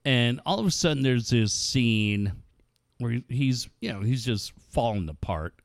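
A man telling profane stories in easy, casual chat, his pitch rising and falling a lot. The sound is dry and close, with no room around it. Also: unhurried, creaky, no echo. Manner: profane, animated storytelling with frequent laughs.

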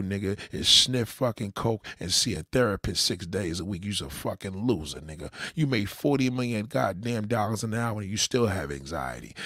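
A man's voice: sits low, fairly bright tone, breathy edge, dry recording, clean studio sound. A man delivering an angry, profanity-heavy rant as a commentator, talking straight to his audience.

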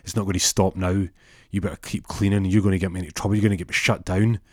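Man putting on a bossy, blustering restaurant manager who pushes everyone around. The voice is low and deep under the bluster, with a dry, close sound and nothing in the room around it. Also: flat delivery, fast talker, no room sound.

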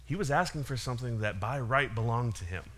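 A man's voice: medium pitch, animated, a little fast, fairly bright tone. A man giving a casual sermon, retelling a parable with frequent small laughs and restarts. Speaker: preacher.

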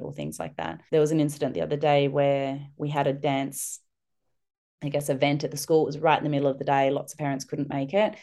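A middle-aged woman, a guest on a parenting podcast, telling a personal story with lively, animated delivery. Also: sits low, brisk. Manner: warm, animated storytelling, acting out children's voices.

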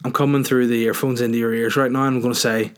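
Northern irish lad rambling through listener questions, swears a lot, jokey, mid-pitched voice. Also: male voice, little pitch movement, fast talker. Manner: crude, joking, rambling. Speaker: podcast host answering listener questions. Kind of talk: casual chat.

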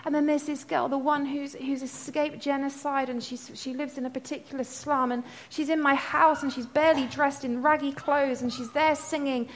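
Woman preacher, high voice, impassioned storytelling sermon, breaks into song. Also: little pitch movement, normal speed, few pauses. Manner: passionate storytelling, sings snatches of worship songs; builds to loud, impassioned proclaiming.

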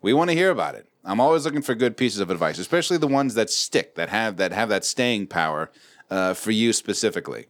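A man's voice: on the low side, expressive, fast talker, a bit bright. A middle-aged man hosting a podcast, joking around and swearing freely in casual banter. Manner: profane, joking, loose delivery. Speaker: podcast host.

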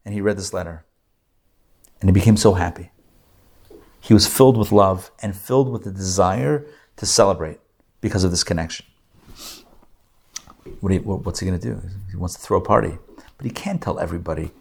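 Lively storytelling man teaching a class. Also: low-pitched, brisk, gravelly, long pauses, breathy edge. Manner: lively storyteller with asides and jokes. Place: classroom with audience.

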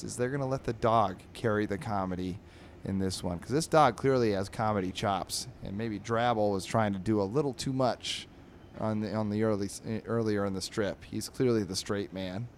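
A man hosting a comedy podcast, reading newspaper comic strips aloud. He talks in an animated, jokey way, often laughs, and jumps up high for the characters' lines. A faint hum of background noise sits under his voice. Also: normal speed.

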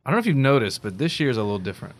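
A man from Louisiana who serves as a deacon, joking in a relaxed chat and often pausing with "um". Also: mid-range voice. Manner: friendly, joking, with frequent "um". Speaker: deacon, guest co-host. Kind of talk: casual chat.

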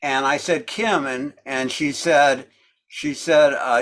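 A man leads a group discussion over a video call, talking casually and rambling with plenty of fillers. His voice sits at a middle pitch, and his tone is easygoing. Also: steady tone, slow pace, fairly bright tone. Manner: chatty, rambling, lots of fillers.

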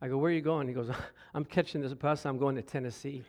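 A man's voice: mid-range voice, steady tone, quick pace. A middle-aged man preaching a sermon, telling stories with stammered repeats and bursts of laughter. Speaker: pastor. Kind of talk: sermon with storytelling.

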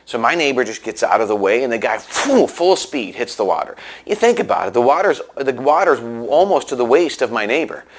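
A man giving a sermon in a conversational way, telling a story with many restarts and lively asides. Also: mid-range voice, a little fast, few pauses. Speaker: preacher.

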